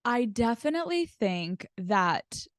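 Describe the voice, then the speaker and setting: A woman guest in casual podcast chat, telling animated stories and acting out quoted lines in different voices. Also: a little high, slow, no room sound, clean studio sound.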